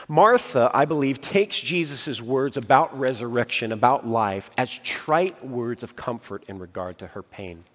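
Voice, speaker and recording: A man delivers a sermon at a middle pitch, his voice ringing out into a large hall with a long echo. He talks dramatically, sinking to near-hushed lines and then pushing up into loud, emphatic bursts. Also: lively intonation, unhurried, hardly any pauses. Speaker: pastor.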